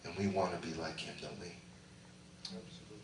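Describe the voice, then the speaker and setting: A middle-aged male pastor preaching a sermon, swinging between loud animated bursts and hushed asides. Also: sits low, a little fast, background noise. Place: church sanctuary. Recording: echoey church sound from a distant mic.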